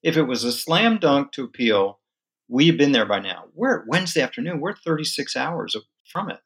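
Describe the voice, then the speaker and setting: A man's voice: medium pitch, normal speed, husky. Emphatic man explaining league legal matters. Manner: animated, emphatic storytelling with occasional laughs. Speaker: guest legal and sports business analyst. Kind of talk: conversational explanation in a podcast interview.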